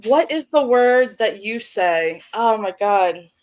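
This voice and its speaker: A woman with a Baltimore accent hosting a casual livestream chat, talkative and quick to laugh. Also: mid-range voice, lively intonation, darkish tone. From Baltimore, USA. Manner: chatty, laughs often. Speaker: host.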